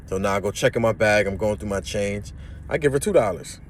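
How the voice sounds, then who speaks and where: With a voice on the low side and a slightly fast pace, a young man recounts a personal story casually. He is animated and acts out the other people's voices, and a little hiss or hum can be heard.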